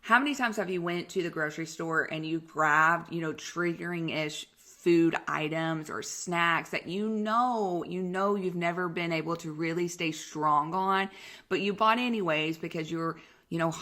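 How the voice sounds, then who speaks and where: Young woman podcast host, bright forceful voice, animated and slangy, laughs a lot. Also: on the low side, normal speed. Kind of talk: casual storytelling podcast.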